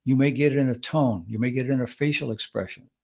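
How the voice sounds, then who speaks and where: Man explaining with lively acted quotes. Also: medium pitch, quick pace, vocal fry. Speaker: podcast co-host. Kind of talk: conversational advice talk.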